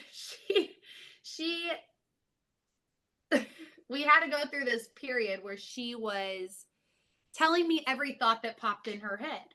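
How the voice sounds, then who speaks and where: Bright high-voiced woman telling stories. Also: takes it slowly, long pauses. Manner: animated storyteller, chuckles mid-sentence. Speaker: podcast guest, mother. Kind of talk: casual podcast chat.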